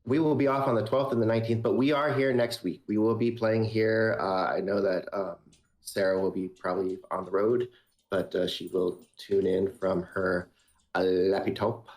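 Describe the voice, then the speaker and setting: A man running a tabletop game as game master, relaxed, with lots of fillers. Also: on the low side, normal speed.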